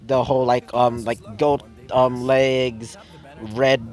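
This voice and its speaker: Young male narrator; slow, rambling improvised storytelling. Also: medium pitch, level tone, a little mellow, soft background music. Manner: rambling, filler-heavy, many "well"s and "like"s. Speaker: fan fiction narrator.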